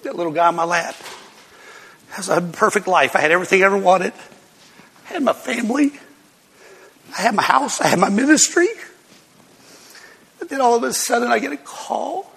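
An older male pastor preaches a heartfelt testimony in a high, gravelly, husky voice. He tells his story with strong emotion and keeps breaking into short laughs. The sound carries a long echo from the hall. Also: normal speed, long pauses, a bit bright. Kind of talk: personal testimony sermon.

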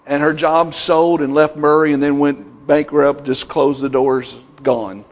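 A man's voice: on the high side, little pitch movement, unhurried. A middle-aged male pastor preaching a sermon, building emphasis through repeated declarations. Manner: preaching with rising emphatic repetitions. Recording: long reverb in a hall.

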